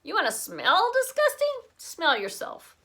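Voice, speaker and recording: A woman's voice: very high-pitched, wildly swooping pitch, measured pace, fairly bright tone, voice pushed up, full character voice. Woman playing a snippy, bossy young girl.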